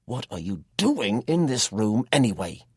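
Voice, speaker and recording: A man voicing an angry young farmer, the protagonist's older brother, shouting at a younger sibling in a storybook reading. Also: sits low, a little slow, husky, no room sound, studio quality, exaggerated voice. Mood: roaring. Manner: shouting, loud and strained.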